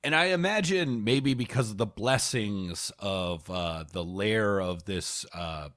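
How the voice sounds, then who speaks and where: A man co-hosting a podcast, speaking haltingly with lots of fillers and joking as he brainstorms a tabletop adventure. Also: lowish voice, a bit bright, no room sound, clean studio sound. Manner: halting, many fillers, jokey. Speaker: podcast co-host. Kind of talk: casual chat planning a tabletop adventure.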